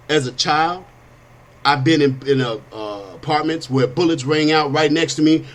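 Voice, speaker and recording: A man hosting a casual chat show, telling his own stories in a streetwise, earnest, conversational way. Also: on the high side. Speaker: host. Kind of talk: casual monologue.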